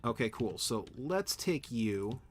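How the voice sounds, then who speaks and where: A man's voice: medium pitch, very animated, slow, slight background noise. A man thinking aloud while streaming a game at home, answering chat and often correcting himself. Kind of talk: live gameplay commentary, answering chat.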